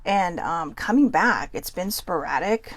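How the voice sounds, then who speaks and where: A woman with a Californian accent hosting a casual solo talk, reading cards aloud and chatting quickly, with frequent self-interruptions and an admitted nervousness. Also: on the low side, animated, no echo. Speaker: host. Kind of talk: casual musing while reading oracle cards.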